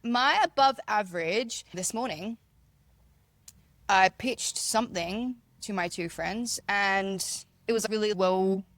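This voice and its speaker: A bubbly woman co-hosting a casual podcast, laughing easily. Her voice sits at a middle pitch and the recording is close and dry. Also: a bit bright, dry recording. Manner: bubbly, giggly, quick to laugh. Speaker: podcast co-host. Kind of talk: casual chat.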